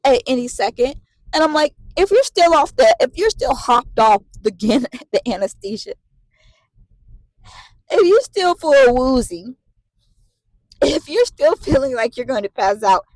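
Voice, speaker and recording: Animated woman in her late twenties venting. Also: high voice, a little slow, no room sound, rough recording. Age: late 20s. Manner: animated, profane, repetitive venting. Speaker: vlogger. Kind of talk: casual storytelling to camera.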